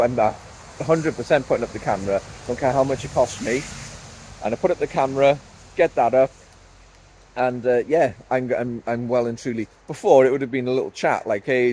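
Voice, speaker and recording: A man's voice: medium pitch, a little mellow, slight background noise, low-quality recording. Fuming man ranting outdoors. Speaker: woodland owner. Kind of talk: vlog rant. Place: outdoors in woodland, later driving.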